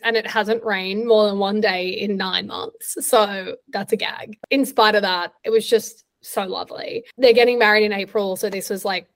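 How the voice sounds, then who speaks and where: A woman's voice: medium pitch, creaky. A woman co-hosting a podcast, telling stories in an upbeat, chatty way. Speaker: podcast co-host. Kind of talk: casual chat.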